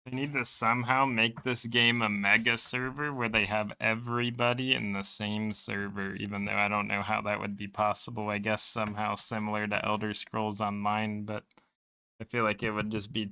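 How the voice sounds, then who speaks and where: Relaxed low-voiced male streamer. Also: moderate pace, clear, resonant tone, poor audio. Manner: relaxed, rambling chatter to a friend. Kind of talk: casual gaming stream chat. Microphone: desk microphone.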